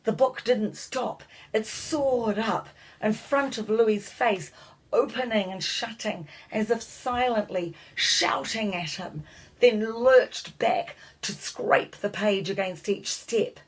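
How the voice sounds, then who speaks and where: A woman narrating a children's storybook in a measured, expressive reading voice. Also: medium pitch, breathy edge, poor audio.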